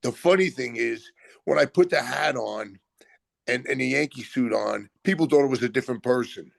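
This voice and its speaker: An older man telling animated stories as a guest, acting out other people's lines in quotes. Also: mid-range voice, moderate pace, creaky, dry recording. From Brooklyn, USA. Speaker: retired pro wrestler guest. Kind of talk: animated storytelling.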